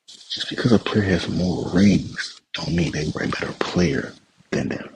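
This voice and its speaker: A man's voice: deep voice, measured pace, darkish tone, a little hiss or hum, poor audio. A young man hosting a podcast, delivering a heated sports rant that repeats itself and turns to swearing. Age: young adult. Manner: heated, repetitive, swears when upset. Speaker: podcast host. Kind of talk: ranting sports commentary.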